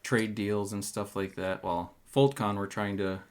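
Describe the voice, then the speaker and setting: A man's voice: lowish voice, fairly even intonation, a little slow, clean tone. A man playing a tabletop game, speaking hesitantly and full of ums as his character. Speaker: player.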